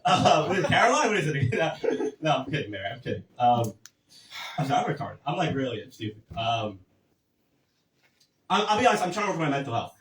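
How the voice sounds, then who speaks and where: A man's voice: a little high, very animated, fairly quick, fairly bright tone, reverberant, recorded from a distance, rough recording. A man doing a stand-up set, crude and self-deprecating, rambling with lots of fillers. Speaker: stand-up comedian. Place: comedy club stage.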